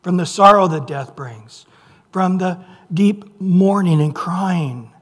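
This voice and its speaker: A man preaching a sermon, dropping to near whispers and rising to loud emphasis, drawing out scripture slowly. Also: high voice. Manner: reads scripture aloud with slow, drawn-out phrases. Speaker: pastor. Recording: long reverb of a large hall.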